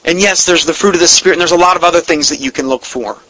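A man preaching a sermon in an earnest, emphatic way, slowing down to read scripture and definitions, and openly emotional about his subject. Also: fairly high pitch, bright, forceful tone, dry recording, low-quality recording.

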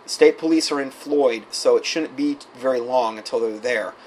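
A man's voice: mid-range voice, normal speed, a little mellow, a little hiss or hum, rough recording. A man preaching, reading out a string of quoted messages and adding his own asides and fillers. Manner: reads quoted texts aloud with asides, many fillers. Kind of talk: sermon-style recounting.

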